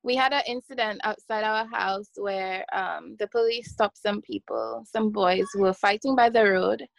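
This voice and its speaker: A woman's voice: medium pitch, fairly even intonation, moderate pace, gravelly, no echo. A woman who is a podcast guest, talking casually in a chatty way and laughing easily. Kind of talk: casual chat.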